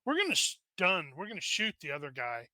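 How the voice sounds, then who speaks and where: A man with a very bright, tense tone and a dry, close sound plays a tabletop game. He jokes and plans out loud, restarting his sentences as he goes. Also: on the high side, huge pitch swings, dry recording. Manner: quick, joking, trails off in restarts. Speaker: player. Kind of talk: casual tabletop game chat.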